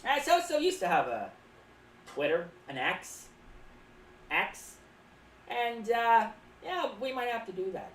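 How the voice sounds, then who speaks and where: A woman's voice: medium pitch, sing-song, a little slow, distant mic. A woman streaming as a clown, casually rambling and reading chat aloud, often speaking of herself in the third person. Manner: rambling, playful asides. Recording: roomy, off-mic with faint background noise.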